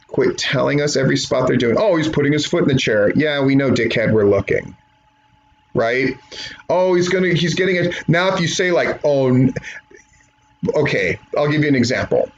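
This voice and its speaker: A man's voice: mid-range voice, muffled recording. Opinionated male reviewer, mid-range voice, profane and cocky, light noise underneath. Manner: blunt, profane and opinionated, mocking impressions. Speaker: wrestling match reviewer and trainer. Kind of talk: profane rant-style review commentary.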